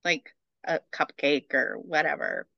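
A woman co-hosting a podcast, talking in a fast, chatty way with lots of fillers. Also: deep voice, huge pitch swings, gravelly, no room sound. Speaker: podcast co-host. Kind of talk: casual chat. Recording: dull lo-fi sound.

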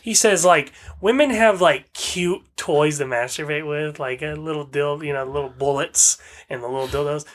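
A man's voice: fairly high pitch, normal speed. A man in crude casual podcast chat, laughing easily, swearing and calling his friend bro. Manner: profane, laughing, says bro a lot. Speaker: podcast co-host.

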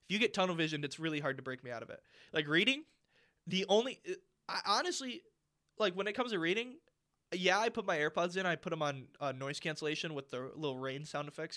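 A young man co-hosts a casual podcast conversation, ranting, cursing freely, and using plenty of fillers. His voice is a little high with a sharp tone.

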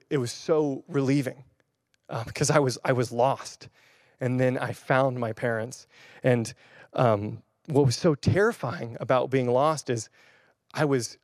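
A man's voice: medium pitch, a little mellow, no echo, studio quality. Chatty young man preaching a story sermon. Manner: chatty, rambling with fillers and restarts. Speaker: pastor. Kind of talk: casual sermon with personal story. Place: church or room filmed on camera.

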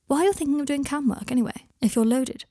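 A woman's voice: high voice, quick pace, warm tone, no echo, clean studio sound, voice pushed up, lightly acted. Woman doing a teasing, mischievous young wizard. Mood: wry. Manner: light, mischievous, wry.

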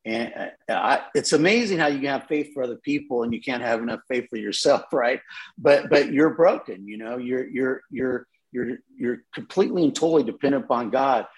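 A man's voice: medium pitch, brisk, low-quality recording. A middle-aged man, a pastor, telling a personal testimony in an interview, earnest and with frequent repeated words. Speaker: associate pastor.

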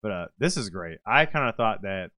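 A man's voice: fairly low pitch, animated, moderate pace, bright, forceful tone. A man co-hosting a podcast, chatting casually, cursing freely and acting out scenes he retells. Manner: swears a lot, acts out scenes he retells. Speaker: podcast co-host. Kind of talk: casual chat.

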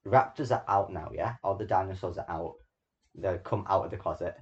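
A man's voice: low-pitched, brisk, muffled recording. A teenage boy hosting a homemade podcast, talking bluntly and teasing his friend, with plenty of swearing. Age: teens. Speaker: podcast host. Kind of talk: casual chat. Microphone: small home microphone.

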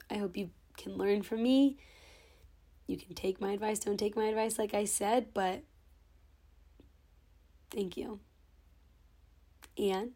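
A young woman hosts her own podcast, delivering a sentimental thank-you monologue while holding back happy tears. Her mid-range voice is mellow, and she records on her own camera.

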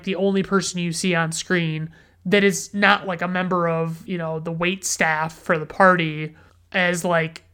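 A woman's voice: fairly low pitch, a bit bright. A woman hosting a casual movie review show, rambling and restarting her sentences, blunt and swearing freely. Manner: rambling, frequent restarts and profanity, blunt opinions.

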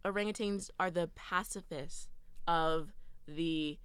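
A giggly, animated young woman chatting as a podcast co-host. Her voice is a touch low but bright and crisp. The sound is dry and close-miked. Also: slow, no room sound. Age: young adult. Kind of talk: casual chat.

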